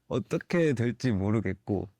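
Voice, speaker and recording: A young man, a singer, giving candid interview answers in a thoughtful, halting way with soft laughs. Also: mid-range voice, huge pitch swings, vocal fry, no echo, studio quality.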